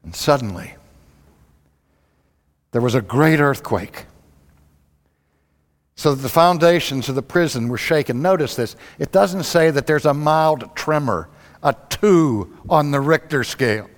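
A man preaching a sermon, telling the story dramatically, swinging from loud outbursts to hushed lows. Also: lively intonation, normal speed. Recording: long hall reverb.

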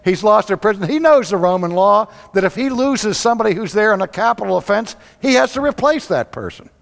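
A man preaching a sermon, telling the story dramatically, swinging from loud outbursts to hushed lows. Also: expressive, fairly quick, creaky. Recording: long hall reverb.

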